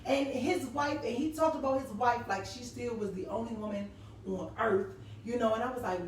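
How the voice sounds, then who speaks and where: A woman's voice: a little high, fairly quick. A woman hosting a casual live-stream talk show, telling stories animatedly and reading viewer comments aloud. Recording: echoey room, distant mic, faint noise.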